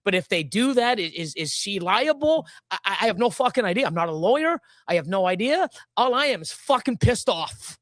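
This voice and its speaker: A man's voice: sits high, big pitch swings, fairly quick, few pauses, a bit bright, dry recording. A man co-hosting a livestream who rants furiously, swears constantly and stammers through restarts. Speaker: livestream co-host. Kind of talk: heated livestream rant.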